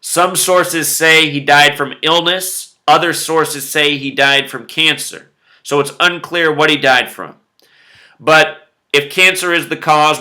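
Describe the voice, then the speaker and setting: Bright-voiced man musing over numbers. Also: a little high. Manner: conversational, musing asides, repeats numbers for emphasis. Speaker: video host. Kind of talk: solo conspiracy commentary video.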